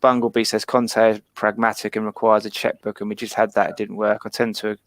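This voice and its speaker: A man's voice: lowish voice, level tone, fairly quick, no room sound. A man hosting a casual football podcast, teasing his guest and reading out viewer comments. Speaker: podcast host. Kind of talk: casual chat.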